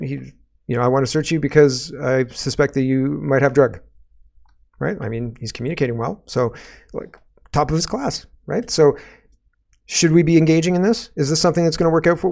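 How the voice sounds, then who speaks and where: A man's voice: on the high side, vocal fry. Sarcastic man hosting a political show. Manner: sarcastic, rambling, asks rhetorical "right?". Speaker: political commentary show host. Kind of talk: casual political commentary.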